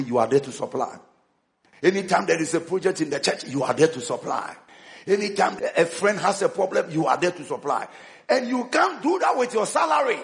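A man preaching a sermon as a bishop, emphatic and repetitive, calling on the congregation to respond. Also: high voice.

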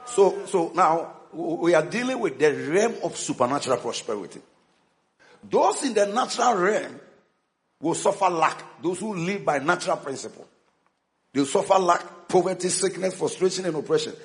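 A man's voice: sits high, animated, moderate pace. A man preaching a sermon as a bishop, emphatic and repetitive, calling on the congregation to respond.

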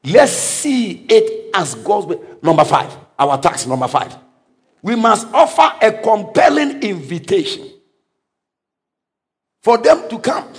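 A pastor with a high-sitting voice preaches an energetic sermon at a slow pace, bursting into sudden shouts and laughing at his own stories.

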